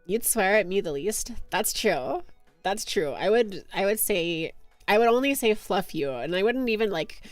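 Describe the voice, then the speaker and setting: A woman's voice: medium pitch, lively intonation, normal speed, no echo, soft background music. A young woman streaming, chatting casually and giggling as she reads chat aloud.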